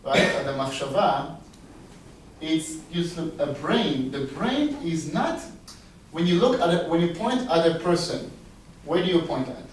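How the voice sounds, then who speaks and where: A rabbi giving a storytelling sermon, a man who acts out the quoted dialogue with big leaps in pitch. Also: expressive, unhurried, a little hiss or hum. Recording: echoey room, voice heard from a distance.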